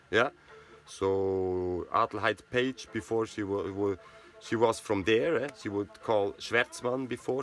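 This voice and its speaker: This man has a lowish, sharp-toned voice. A native Swiss German speaker from Switzerland, he talks in English with a Swiss German accent, rambling on and constantly ending sentences with "you know" and "right?".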